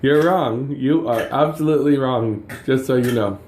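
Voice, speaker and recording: A man's voice: mid-range voice, normal speed. A man playing animal-sound games with a toddler, asking sing-song questions and teasing her with a chuckle. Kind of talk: playful talk with a small child. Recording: echoey room with faint noise.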